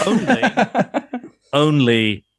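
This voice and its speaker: A man's voice: on the high side, sing-song, extremely slow, fairly bright tone, no room sound, studio quality. A man, co-hosting a casual podcast chat, telling a rambling, self-mocking story and laughing often. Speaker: podcast co-host.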